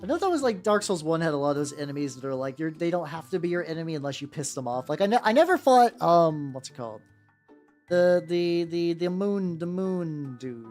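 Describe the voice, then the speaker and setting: A male streamer rambles and jokes with his viewers while painting, his voice swinging up and down in a lively, animated way. He talks loosely, swears freely and wanders off topic. Soft music plays quietly behind him. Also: fairly high pitch, brisk. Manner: rambling and joking, often swearing. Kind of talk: casual live-stream chat. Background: faint background music.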